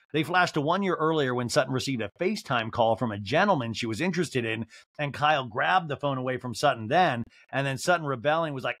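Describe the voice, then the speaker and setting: A man's voice: mid-range voice, lively intonation, fairly bright tone, no room sound, studio quality. A man hosting a podcast, giving a campy, gossipy comic recap of a reality show. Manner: campy, gossipy, quick storytelling. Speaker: podcast host.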